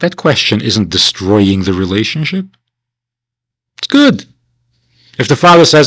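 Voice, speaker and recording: A man's voice: on the low side, unhurried, long pauses, dry recording, low-quality recording. A man teaching a class at a winter camp in a conversational lecture style, asking rhetorical questions and acting out the people he quotes. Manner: animated, acts out the people he quotes.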